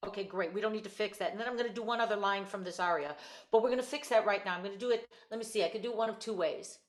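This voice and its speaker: A woman voice teacher coaching a student over a video call, giving quick praise and clear instructions. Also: medium pitch, echoey room. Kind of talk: virtual one-on-one singing lesson.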